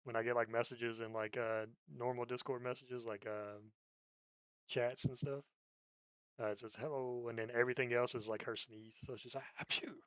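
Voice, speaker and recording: A man hosting a podcast and chatting casually, his voice sitting at an ordinary middle pitch. He tells long, rambling stories, swears freely and laughs often. The sound is dry and close, with hardly any room around it. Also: level tone, normal speed, a bit bright, smooth, no room sound. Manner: profane, rambling storyteller who laughs a lot. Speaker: podcast host. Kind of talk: casual chat.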